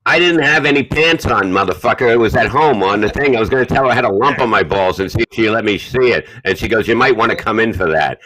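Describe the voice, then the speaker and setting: A man's voice: lowish voice, fast, hardly any pauses, poor audio. An older man telling crude, boastful stories on a comedy podcast. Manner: profane, boastful, loud storytelling. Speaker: podcast co-host.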